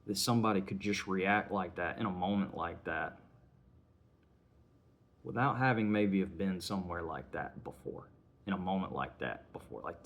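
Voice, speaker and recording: A man giving a casual spoken film review, retelling scenes in a conversational way. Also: sits low. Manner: retells scenes conversationally, acting out lines in passing.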